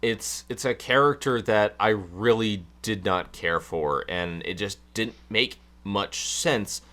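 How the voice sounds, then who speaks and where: A man's voice: on the low side, takes it slowly, fairly bright tone. A man co-hosting a casual film review chat, talking with hesitant, stammering restarts. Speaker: podcast co-host.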